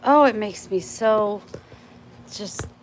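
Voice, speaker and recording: Slow-talking woman vlogger. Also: mid-range voice, a little hiss or hum, rough recording. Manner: slow, chatty, plainspoken. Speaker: vlogger livestreaming. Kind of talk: casual chat. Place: outdoors near her home.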